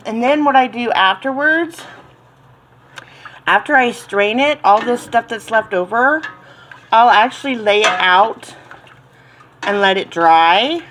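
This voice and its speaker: Southern lady rambling about tea in her kitchen, slow and easygoing, lots of ums, faint clatter behind. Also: medium pitch, a bit bright, slight background noise, poor audio. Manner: rambling, chatty, many ums and laughs. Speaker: home cooking channel host. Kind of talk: casual kitchen chat.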